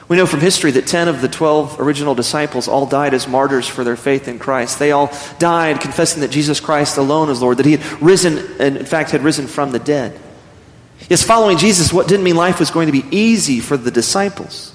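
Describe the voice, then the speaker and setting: A man preaching a sermon as pastor, earnest and animated, often restarting his phrases. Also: on the high side, a little fast, echoey room, long reverb tail.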